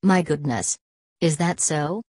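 Woman reading a greedy middle-aged hustler: low, smooth, salesman pitch. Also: slow, a little mellow, no room sound, studio quality, heavily acted. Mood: smooth, persuasive. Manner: direct, salesman-like.

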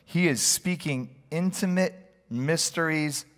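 A man's voice: on the high side, takes it slowly, a bit bright. A middle-aged male pastor preaching a sermon in a church, telling stories in a conversational, humorous way. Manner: storytelling, conversational, humorous asides. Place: church hall. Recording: long hall reverb.

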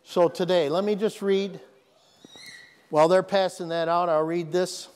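A man's voice: sits high, steady tone, a little slow, a little mellow, smooth, long reverb tail. A man preaching a sermon to his congregation, emphatic, repeating phrases and asking if they are listening. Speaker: pastor. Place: church sanctuary.

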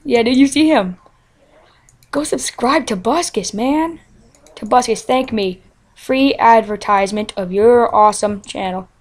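Fairly high-pitched and a little slow, this woman hosts a let's play with casual gameplay commentary, chatting goofily and playfully to herself amid frequent giggles.

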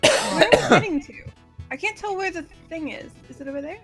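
A woman's voice: extremely high pitch, expressive, brisk, fairly bright tone, faint music behind. A woman gaming with friends on a call, playful and teasing, swearing now and then. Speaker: gamer friend. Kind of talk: casual gaming chat.

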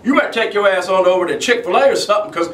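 A man's voice: sits high, animated, very fast, fairly bright tone. Griping comedic weatherman outdoors, far off. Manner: rambling, griping, laughs often. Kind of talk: improvised comedic monologue. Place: outdoors at sunset. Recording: distant outdoor mic with echo.

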